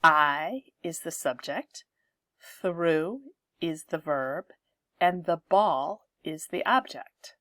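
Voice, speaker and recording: Woman teacher, lowish voice, very slow and deliberate delivery, dry close sound, grammar-lesson explainer. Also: expressive, a bit bright, dry recording. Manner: slow, careful explaining, reading example sentences aloud.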